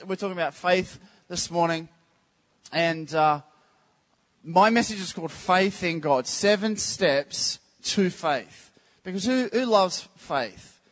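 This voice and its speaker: A man preaching a casual, joking sermon to a church congregation, teasing the crowd with quick questions. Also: high-pitched, a bit bright. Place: church service.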